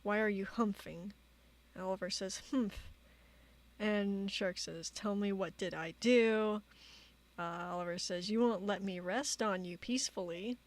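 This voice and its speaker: Woman streamer reading chat logs. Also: mid-range voice. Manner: halting, many fillers, reads quotes flatly. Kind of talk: casual commentary reading chat logs aloud.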